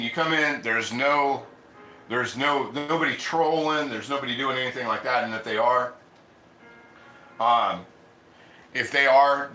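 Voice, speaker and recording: A man's voice: medium pitch, bright, forceful tone, roomy sound, a little hiss or hum. A man hosting a casual cooking livestream, chatting loosely and eating as he talks. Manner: chatty, rambling, eats while talking.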